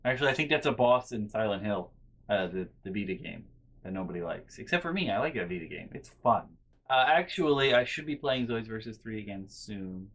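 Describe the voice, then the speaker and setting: A young man vlogging, telling a casual, rambling story full of restarts and quiet muttered asides. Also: lowish voice, lively intonation, fairly quick. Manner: rambling, self-interrupting with fillers and restarts.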